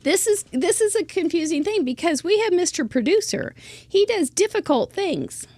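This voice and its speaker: A woman's voice: very high-pitched, very animated, moderate pace, warm tone, no echo. A middle-aged woman hosting a live crafting show, chatting casually, rambling and poking fun at herself. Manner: chatty, self-deprecating, rambling with restarts and laughs. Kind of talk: casual live-stream chat.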